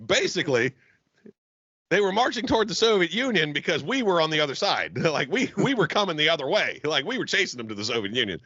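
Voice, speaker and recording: A man co-hosting a podcast in casual chat, loud and laughing, swearing a lot. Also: on the high side, big pitch swings, brisk, breathy edge, dry recording. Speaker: podcast co-host. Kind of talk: casual profane banter. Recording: dull lo-fi dry recording.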